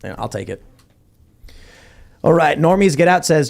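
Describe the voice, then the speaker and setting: A man's voice: fairly high pitch, big pitch swings, normal speed, creaky, pauses often. A man hosting a podcast, reading viewer comments aloud and chatting casually with wry, jokey asides. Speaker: podcast host.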